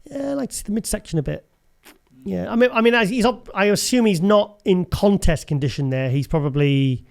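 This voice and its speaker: Male host, higher pitch, loose rambling chat with frequent laughs. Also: lively intonation, moderate pace, creaky. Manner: chatty, rambling, laughs often. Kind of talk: casual show commentary.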